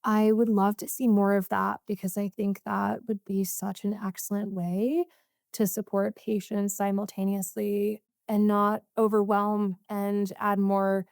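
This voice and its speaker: A woman dietitian co-hosting a podcast, speaking in a thoughtful, gentle, earnest way. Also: mid-range voice, vocal fry, no echo, clean studio sound. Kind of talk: podcast discussion.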